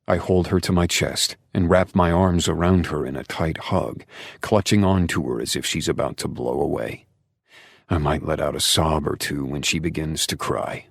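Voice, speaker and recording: A man narrating a dark romance audiobook in the first person, with intense, emotional delivery and hushed passages. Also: deep voice, steady tone, normal speed, gravelly, no echo, studio quality.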